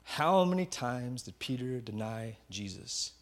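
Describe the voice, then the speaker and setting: A male pastor delivering a sermon as an unhurried story, his pitch sitting in an ordinary middle range. He paints scenes vividly, often sinking into hushed, quiet tones for weight. Now and then he repeats a word while he gathers his thought. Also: lively intonation. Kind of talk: sermon retelling a Bible story.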